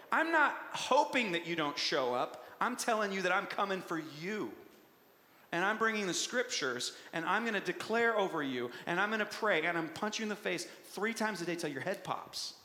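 A man preaching a sermon with a playful, animated, punchy delivery. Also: high voice, moderate pace. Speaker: pastor. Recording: echoey hall with long reverb.

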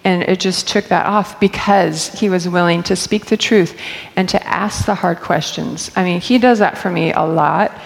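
Chatty woman, gravelly low voice, hall echo. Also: moderate pace. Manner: candid, chatty, laughs often. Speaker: church staff member speaking. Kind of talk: personal storytelling talk. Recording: long hall reverb.

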